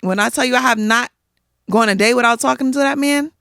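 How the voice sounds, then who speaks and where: A woman guest on a podcast, telling personal stories in a lively, emphatic way and acting out what others said. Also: on the high side, fairly quick, gravelly, dry recording, clean studio sound. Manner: animated, emphatic storytelling with acted-out quotes. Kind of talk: casual interview storytelling.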